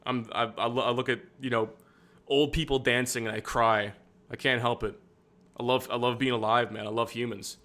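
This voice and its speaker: A young man talking through a live stream in a loose, rambling way, full of fillers and self-corrections. His voice sits at an everyday middle pitch. He sounds candid and a little self-deprecating. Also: steady tone, moderate pace, fairly bright tone. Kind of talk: casual political commentary stream.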